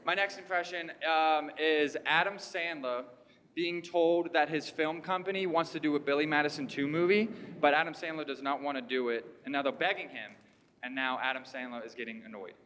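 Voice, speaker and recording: A man doing stand-up comedy on a theater stage, animated and laughing at his own jokes. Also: a little high, brisk, slight background noise. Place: historic theater stage with live audience. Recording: theater hall reverb.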